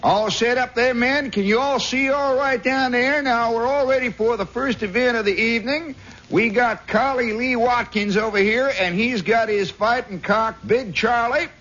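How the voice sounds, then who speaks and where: Man voicing a loud folksy cockfight announcer, high twangy drawl, dull old radio sound. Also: normal speed. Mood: hearty.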